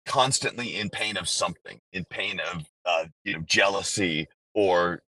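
A very low, bright-edged male voice with a husky grain, talking candidly and in long, rambling sentences that he keeps restarting. It sounds dry and close to the mic, with no room around it. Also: moderate pace, dry recording, low-quality recording. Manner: candid, rambling, self-interrupting. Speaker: voice actor guest. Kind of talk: casual interview conversation.

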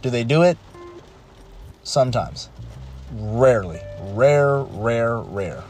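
A man's voice: medium pitch, animated, takes it slowly, darkish tone. A man in his thirties talking casually and emphatically, repeating himself and restarting phrases, with heavy rain heard behind him. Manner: emphatic, repetitive, restarts often. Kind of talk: casual monologue. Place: home during a rainstorm. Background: pouring rain, faint music.

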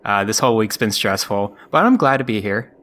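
A man joining a casual chat as a guest, speaking in a low-key, plain way. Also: animated, fairly quick, a bit bright. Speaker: podcast guest.

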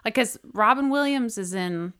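A woman's voice: a little high, normal speed, fairly bright tone, clear, resonant tone. A woman chatting casually with friends, dry and wry. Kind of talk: casual chat.

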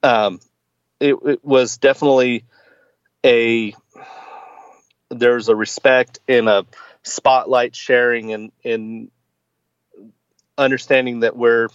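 A man's voice: medium pitch, steady tone, slow, long pauses, smooth, no room sound, muffled recording. A man in his forties, a podcast guest, chatting casually and hesitantly with many fillers and restarts. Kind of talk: casual chat.

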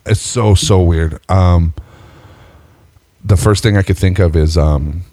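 A man with a low voice spins a story in relaxed chat. He jumps up high whenever he acts out what people said, laughs a lot, and swears freely. The sound is close and dry. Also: takes it slowly, no room sound. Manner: animated storyteller, jumps high when acting out quotes, laughs often; swears freely, says "bro" and "dude". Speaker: podcast co-host telling a story.

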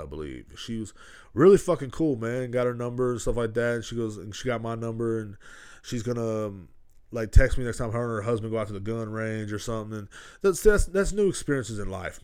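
Man, thirties, somewhat low voice, solo podcast host, casual rambling, heavy swearing. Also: darkish tone. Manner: rambling and heavily profane, with constant "you know what I'm saying".

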